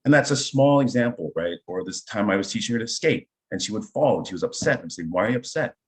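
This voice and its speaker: A man's voice: on the low side, expressive, quick pace. A middle-aged man, an improv teacher, explaining his ideas with enthusiasm through personal anecdotes and frequent "right?" check-ins. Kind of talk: conversational interview storytelling.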